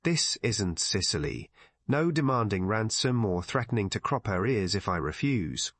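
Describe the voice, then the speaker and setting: A pugnacious American man in his thirties, with a light American accent, blunt and abrupt, his voice lively in pitch, as a male audiobook reader plays him. The voice has a husky grain, recorded dry and close. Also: normal speed, dry recording.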